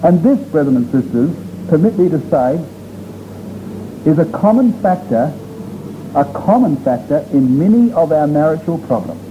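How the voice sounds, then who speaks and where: A man's voice: a little high, big pitch swings. Man, preacher, earnest sermon, stretched-out emphasis, dull old recording. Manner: earnest, emphatic, slows words for stress. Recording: dull lo-fi recording with faint noise.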